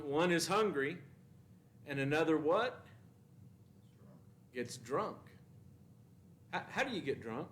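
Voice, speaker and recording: A man's voice: on the high side, slight background noise. A man teaching a Bible class at church, asking the class questions and reading scripture with emphasis.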